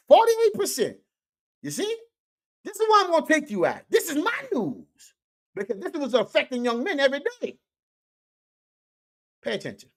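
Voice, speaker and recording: A man doing comedic social media commentary in a preachy way, repeating catchphrases to his viewers. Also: sits high. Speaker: online commentator.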